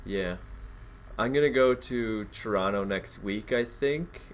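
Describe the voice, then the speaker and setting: A man's voice: fairly low pitch, unhurried, slight background noise. A man co-hosting a podcast in casual chat, laid-back and swearing freely. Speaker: podcast co-host.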